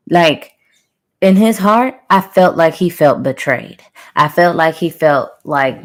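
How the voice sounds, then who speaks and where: A woman with a fairly low voice tells a channeled story to her viewers in loose, chatty talk. She keeps it conversational and playful, with sound-effect words tossed in along the way. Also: measured pace. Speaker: spiritual reader telling a channeled story.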